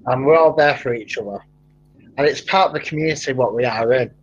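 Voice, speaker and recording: A man's voice: mid-range voice, fairly quick. A man chatting casually on a podcast, rambling and telling stories with animation. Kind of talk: casual chat. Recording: dull lo-fi sound.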